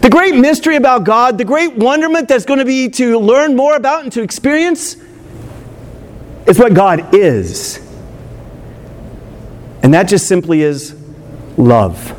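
A male priest giving an excited, emphatic homily in church, drawing out key phrases slowly. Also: very high voice. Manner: excited, emphatic preaching with slow drawn-out phrases.

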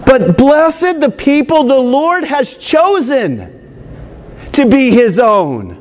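High-voiced excited preaching man. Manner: excited, emphatic preaching with slow drawn-out phrases. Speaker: priest. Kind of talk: homily.

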